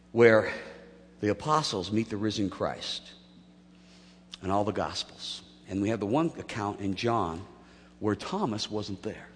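A man preaching a sermon, telling the story with lively acted-out voices and jokes. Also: fairly low pitch, slight background noise. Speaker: pastor. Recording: long hall reverb.

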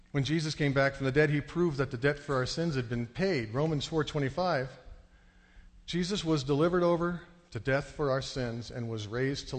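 A man delivers a sermon in a church, his voice sitting in a middle register. He tells a story in an animated way and often leaps into high, excited delivery. A long reverb hangs on every phrase. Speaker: pastor. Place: church sanctuary.

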